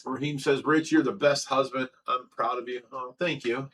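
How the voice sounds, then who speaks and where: A man's voice: medium pitch, fairly even intonation, normal speed, fairly bright tone, rough recording. A man hosting a casual livestream, reading viewer comments aloud and answering them in an earnest, emotional way. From Ohio. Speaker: livestream host reading chat.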